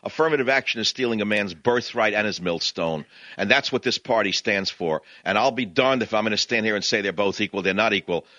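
Impassioned New York radio host, bright voice. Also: male voice, fairly low pitch, a little fast, dry recording, lo-fi sound. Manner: impassioned, combative ranting. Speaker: radio talk show host. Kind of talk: talk radio monologue. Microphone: studio microphone, dry.

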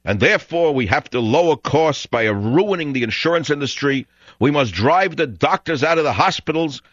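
A man's voice: a little high, expressive, moderate pace, a bit bright, no echo, lo-fi sound, pitched above the performer's own voice. A man mocking a pompous president's speech. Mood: mock grandiose. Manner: grandiose, mocking, declaiming. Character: mock pompous male president giving a speech.

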